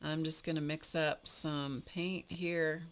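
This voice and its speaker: A woman hosts an art livestream, chatting as she paints in a meandering, story-like way punctuated by little laughs. She speaks slowly in a low voice with little pitch movement.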